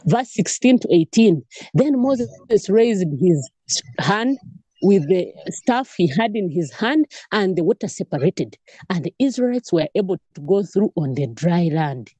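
A woman's voice: on the low side, sing-song, measured pace, dark tone, husky, dry recording. A woman preaching a fervent sermon, repeating phrases and calling out praise. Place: cathedral.

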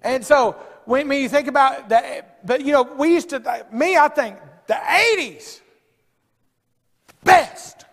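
A middle-aged pastor, preaching a sermon with humorous stories, swinging from loud outbursts to low asides. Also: male voice, measured pace, hardly any pauses. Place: church sanctuary. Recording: long hall reverb.

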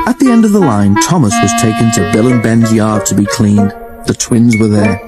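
A man narrating a children's storybook in a steady storytelling manner. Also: on the low side, moderate pace, low-quality recording. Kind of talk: storybook reading. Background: music.

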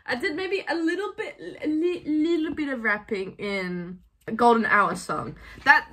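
A woman's voice: sits high, unhurried, fairly bright tone. A woman singer chatting casually and poking fun at herself, laughing often. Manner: self-mocking, giggly, chatty. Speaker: singer doing a cover. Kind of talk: casual chat. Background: backing music.

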